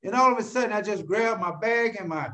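A man telling his own recovery story to an audience in an animated way. He keeps asking rhetorical questions and calls out to listeners by name. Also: high-pitched, brisk. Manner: addresses listeners directly by name. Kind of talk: storytelling talk to a live audience.

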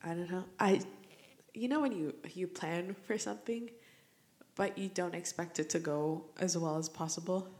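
A woman's voice: on the low side, normal speed, darkish tone. A young adult woman hosting her own podcast, talking alone in a heartfelt, reflective and rambling way. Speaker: podcast host. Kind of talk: casual solo podcast monologue.

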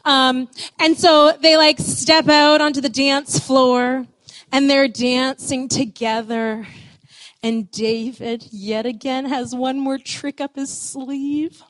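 Animated, high-voiced woman storyteller. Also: dry recording. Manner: animated, expressive, playful, with many "like" fillers. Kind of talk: storytelling talk.

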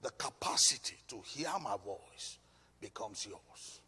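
A man's voice: fairly low pitch, animated, unhurried, sharp tone, breathy edge, big-room sound. A male pastor preaching a sermon, emphatic and given to repeating phrases.

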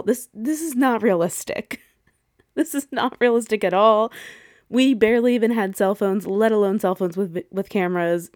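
A woman's voice: medium pitch, no echo, studio quality. Chatty woman recapping a movie, laughing. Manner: animated, laughing, swears casually, acts out quotes. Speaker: podcast co-host. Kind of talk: casual movie rewatch chat.

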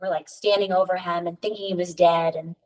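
A woman's voice: lowish voice, fairly even intonation, fairly quick, darkish tone, recorded from a distance, rough recording. A woman guest on a podcast, talking earnestly about spirituality, telling stories and often adding "right?" and "you know". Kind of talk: casual spiritual conversation.

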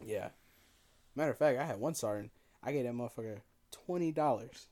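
A young man co-hosting a casual podcast, spinning stories with loose, profane energy and laughing often. His voice sits at an ordinary middle pitch. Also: a little fast, mellow. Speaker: podcast co-host. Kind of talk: casual storytelling chat.

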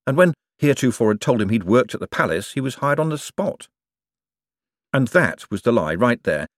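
A man narrating an audiobook in an expressive, storytelling manner. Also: mid-range voice, dry recording, studio quality.

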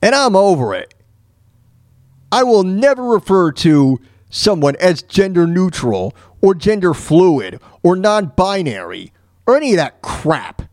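Animated, higher-voiced ranting male host. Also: unhurried, no room sound, clean studio sound. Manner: ranting, often stumbles and restarts mid-sentence. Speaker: talk show host. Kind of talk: opinionated monologue.

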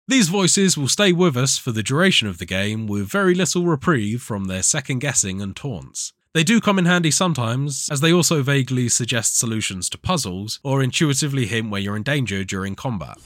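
A man's voice: medium pitch, a bit bright, no room sound, clean studio sound. A man co-hosting a gaming podcast, chatting and recapping a game with enthusiasm. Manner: enthusiastic, narrating, sometimes laughing. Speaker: podcast co-host. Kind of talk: casual chat and game recap.

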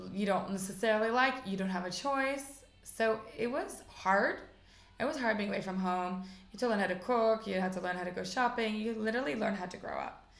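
A woman in her forties from the United States with an American accent, a guest in a relaxed interview, chatting upbeat with many fillers. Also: mid-range voice, gravelly, roomy sound. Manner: chatty, upbeat, lots of fillers like "like" and "you know". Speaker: interview guest, rabbi's wife. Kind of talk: casual conversational interview.

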